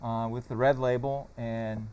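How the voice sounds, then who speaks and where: A man's voice: mid-range voice, level tone, a little slow, darkish tone, a little hiss or hum. A man with a Southern American accent, representing a sauce company, chatting casually on a TV set with some fillers. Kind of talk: casual studio chat. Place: TV studio set.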